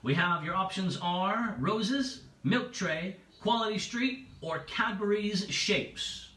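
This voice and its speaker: Guy hosting a pub quiz from home, bright lively voice, bit far from the mic in an echoey room. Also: high voice, slow pace. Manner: chatty and playful, repeats each option. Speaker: quiz host.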